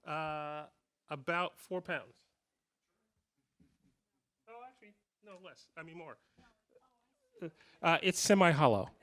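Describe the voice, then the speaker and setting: A man's voice: on the high side, takes it slowly, long pauses, a bit bright. A man in his fifties telling rambling, self-deprecating stories at a guitar clinic, with many restarts. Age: 50s. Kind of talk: casual storytelling to a live audience. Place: guitar shop clinic room.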